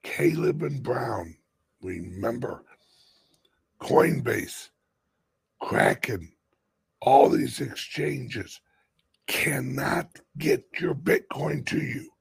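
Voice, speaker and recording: Man, vlog host, very husky, lively swinging pitch, urgent, whispers and shouts, swears. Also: drawn-out words, pauses often, dry recording. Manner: swears freely for emphasis. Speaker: crypto channel host. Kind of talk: impassioned vlog rant.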